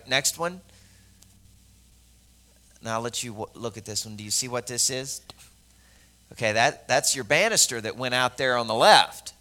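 Bright-voiced joking preacher from Arkansas. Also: male voice, mid-range voice. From Arkansas, US South. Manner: conversational and joking, many fillers and asides to the audience. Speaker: pastor. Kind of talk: sermon.

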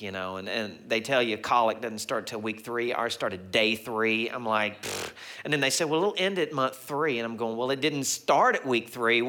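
Bright-voiced man preaching with lively stories. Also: medium pitch. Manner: animated storytelling, acts out quoted voices. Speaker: pastor. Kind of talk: sermon with personal stories.

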